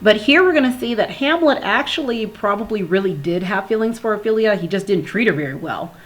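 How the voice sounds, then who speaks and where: A woman explaining a play in a casual teaching manner, reading verse slowly and then paraphrasing it plainly. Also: mid-range voice, animated. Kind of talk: explanatory read-through of a play. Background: soft background music.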